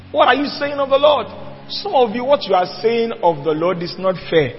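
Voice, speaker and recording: A pastor with an extremely high voice preaches at a normal speed, pressing the congregation emphatically with rhetorical questions. Soft music plays in the background, and the church hall recording is dull and lo-fi with a long reverb.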